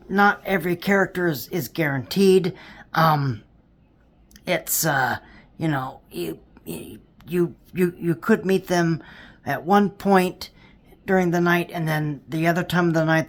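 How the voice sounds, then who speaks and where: Woman theme park vlogger, slightly low voice, rambling and exasperated, heavy on fillers. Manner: rambling, repeats words, many fillers, exasperated. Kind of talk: casual commentary to viewers.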